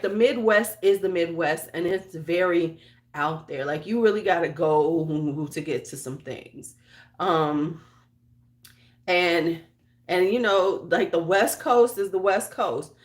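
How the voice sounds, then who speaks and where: A woman's voice: on the low side, measured pace. A woman with a Chicago accent, a beauty vlogger in casual livestream chat, rambling with lots of fillers and restarts and greeting viewers by name. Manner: talks to viewers by name while getting ready.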